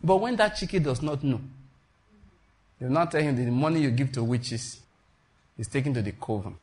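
A man's voice: medium pitch, normal speed, a little mellow. A man preaching a sermon in an emphatic, repetitive style, calling out to his congregation. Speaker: pastor.

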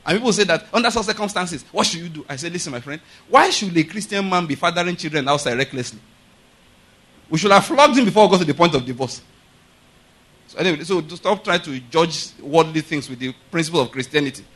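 Forceful high-voiced male preacher. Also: expressive, fast talker. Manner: emphatic, repeats rhetorical questions to the congregation; rises to loud forceful preaching. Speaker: pastor. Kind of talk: sermon.

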